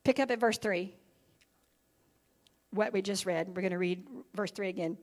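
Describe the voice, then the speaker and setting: A woman's voice: medium pitch, normal speed, pauses often, a little mellow. A woman pastor preaching an evening sermon in a conversational style, often checking in with her listeners. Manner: conversational preaching with frequent "okay?" and "right?" check-ins. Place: church sanctuary.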